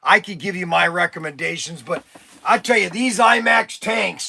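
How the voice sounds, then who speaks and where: A man hosting a toy shop live stream, an excitable pitchman who rambles and breaks into shouts, his voice strained from days of nonstop talking. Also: moderate pace, creaky. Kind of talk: casual live-stream sales talk. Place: inside a toy shop among shelves.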